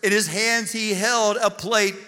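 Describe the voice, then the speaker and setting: A male pastor telling a funny story in a sermon, animated and comic, sometimes shouting the punchlines. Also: high-pitched, a little slow, clear, resonant tone. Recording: long reverb of a large hall.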